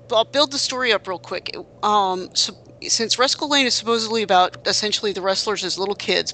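A man co-hosts a casual podcast, telling stories in a rambling, self-correcting way with frequent restarts and fillers. His voice is high, pushed and bright.

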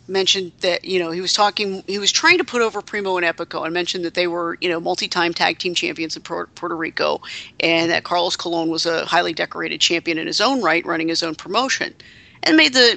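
A woman's voice: fairly low pitch, gravelly, sharp tone. A woman co-hosting a casual podcast chat, talking in a chatty, wry and indignant way with many restarts. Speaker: podcast co-host. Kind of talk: casual chat about pro wrestling.

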